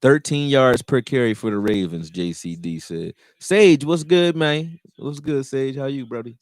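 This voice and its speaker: A man hosting a live stream, chatting loosely with slang and getting loud and heated when reacting to plays. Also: mid-range voice, lively intonation, moderate pace, dry recording, clean studio sound. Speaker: livestream host reacting to a football game. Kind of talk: casual live commentary chat.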